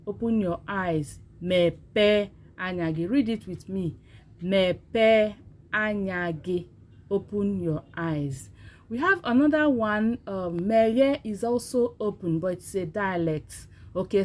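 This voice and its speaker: A woman's voice: medium pitch, a little mellow. A woman teaching a language lesson, patiently repeating words for learners to say after her. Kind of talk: slow spoken language lesson.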